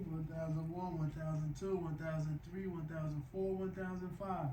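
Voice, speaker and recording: A man with a slightly high, steady, warm voice narrates his knee rehab workout for a casual vlog, counting reps aloud as he strains on the floor of a room at home. He sounds like he's exerting himself. The audio is poor, with an echoey room, a distant mic, and slight background noise.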